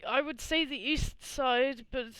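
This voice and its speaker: A game master voicing a burly, proud male city guard who speaks with stiff formality and takes offense quickly, during a live tabletop game. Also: sits high, a bit bright, voice pushed up. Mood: haughty formal.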